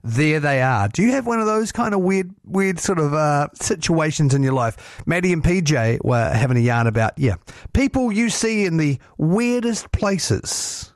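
A New Zealand man links songs and chats on a radio show in a loose, rambling way. His voice sits a little high for a man. The studio is dry and close. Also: very animated, moderate pace, no room sound. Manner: chatty, rambling. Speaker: radio host. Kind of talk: radio link chat.

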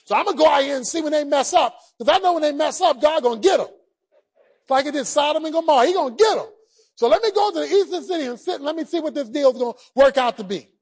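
A man voicing a grumbling, self-pitying male prophet in a quick complaining tone within a sermon. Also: very high-pitched, animated. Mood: scheming.

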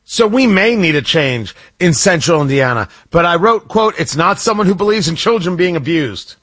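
Talk radio host, man, lively swooping delivery, sarcastic asides. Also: fairly high pitch, normal speed. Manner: sarcastic, animated, rambling asides. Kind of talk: opinionated talk radio commentary. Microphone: studio microphone.

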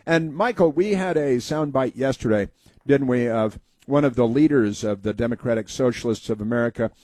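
A man's voice: mid-range voice, normal speed, dark tone, no room sound. A man hosting a talk show, telling rambling folksy stories and giving opinionated commentary.

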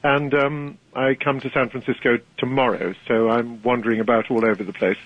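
A man's voice: mid-range voice, steady tone, brisk, no echo. An older British man with a British accent, a guest author talking articulately and wryly in a radio interview, laughing easily. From Britain. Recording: tinny dry phone line.

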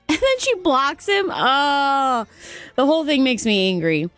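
A woman hosting a morning radio show, telling a story in an exasperated, animated way. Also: high-pitched, a little slow, no echo, faint music behind.

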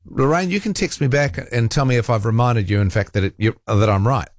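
A man's voice: medium pitch, fairly quick, no echo, clean studio sound. A man hosting a talk radio show, reading out listener texts and arguing back in a rambling, self-correcting way.

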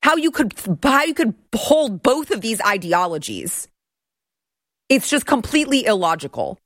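A woman's voice: a little high, very animated, moderate pace, fairly bright tone, dry recording, studio quality. A woman in her thirties hosting a political commentary show, talking in an indignant, ranting way.

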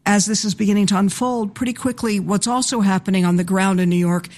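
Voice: mid-range voice, steady tone, fast, a little mellow. An interviewee reflecting on events in an articulate way. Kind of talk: reflective recollection.

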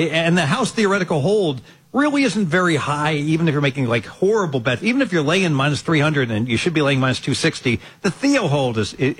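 A man talking sports betting picks on a show, excitable and given to shouted catchphrases. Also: fairly high pitch, slightly rough. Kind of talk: animated betting talk show banter.

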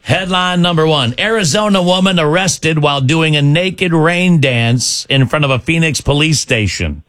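A man hosting a radio morning show, running a quiz game with quick, joking banter and hyping up the caller. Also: fairly high pitch, a bit bright, no room sound.

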